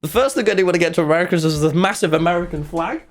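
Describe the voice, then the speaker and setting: A young man, telling a rambling, animated story to his live-stream chat and swearing freely. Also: sits high, racing. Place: home streaming room.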